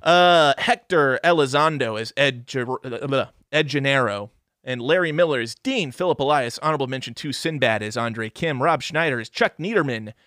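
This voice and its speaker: A man's voice: mid-range voice, fairly bright tone, no room sound, clean studio sound. A man co-hosting a casual podcast, reading out film credits between crude jokes. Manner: joking, crude banter, reads cast lists haltingly.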